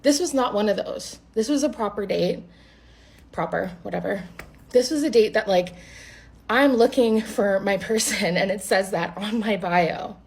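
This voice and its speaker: A woman with a husky, breathy voice tells a bad-date story straight to the camera. She talks casually and bluntly, with exasperation and plenty of swearing, in an ordinary mid-range pitch. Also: unhurried, darkish tone.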